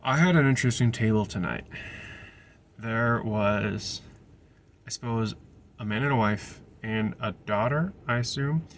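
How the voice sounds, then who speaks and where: Low-voiced man rambling through a story. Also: unhurried, slight background noise. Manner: rambling, digressive, frequent restarts. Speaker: restaurant server. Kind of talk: casual storytelling.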